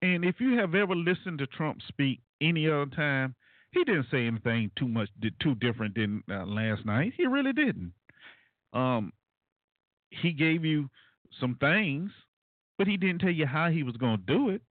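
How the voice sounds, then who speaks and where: A man hosts a call-in talk radio show, speaking through a thin, tinny phone line with a dry, close sound. His fairly high voice swings up and down a lot as he talks loosely, full of fillers and asides to listeners. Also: normal speed, no echo. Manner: animated, conversational, frequent fillers and asides to listeners.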